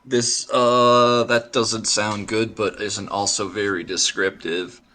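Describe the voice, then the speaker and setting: A man playing his character in a tabletop game, speaking slowly and with hesitation. His low voice has a bright, tense edge. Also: level tone. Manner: slow, hesitant, many fillers. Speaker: player.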